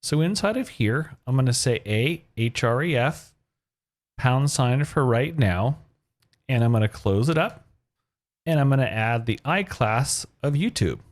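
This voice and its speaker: Guy teaching web design, bouncy lively voice, upbeat and explaining each step as he codes. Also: medium pitch, a little slow. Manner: upbeat, talks through each step as he types. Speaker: web design tutorial host. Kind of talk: screen-recorded coding tutorial.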